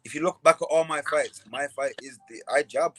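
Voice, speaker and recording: A man's voice: a little high, brisk, a bit bright, soft background music. A young man, a boxer, talking casually as a podcast guest, often repeating words and restarting his sentences. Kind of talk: casual interview talk.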